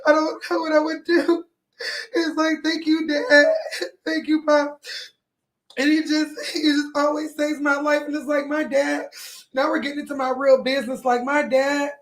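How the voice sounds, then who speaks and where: Brief: young woman streamer, high voice, crying through a rambling, apologetic plea to her viewers. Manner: rambling, pleading, keeps apologizing. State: tearful, crying. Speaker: livestreamer. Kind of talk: emotional livestream talk to viewers.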